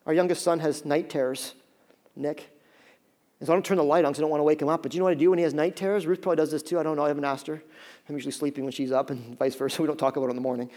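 Man preaching, fairly high voice, emphatic and pleading, drops to soft low stretches, pastor delivering a sermon. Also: fairly even intonation, very fast. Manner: emphatic preaching that swings between loud pleas and soft low passages.

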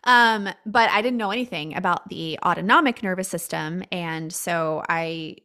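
A woman with a somewhat low-pitched voice talks as a guest on a podcast. Her delivery is casual and blunt. She uses plenty of fillers. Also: moderate pace, pushed and bright. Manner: candid and blunt, with frequent fillers. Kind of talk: casual conversational chat.

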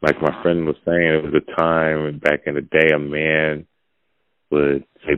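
A man's voice: monotone, measured pace, fairly bright tone, dry recording. A man hosting a podcast, giving a blunt, preachy opinion monologue in casual talk. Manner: blunt, preachy, gravelly and low. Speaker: podcast host. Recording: dull lo-fi audio.

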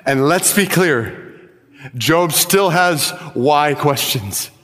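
A man preaching a sermon, reading scripture slowly and with rising emphasis. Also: fairly high pitch, animated, fairly bright tone. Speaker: pastor. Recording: music behind, long hall reverb.

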